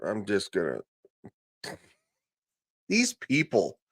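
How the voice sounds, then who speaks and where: A man hosting a live stream, casually commenting with quick, self-deprecating reactions. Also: fairly low pitch, huge pitch swings.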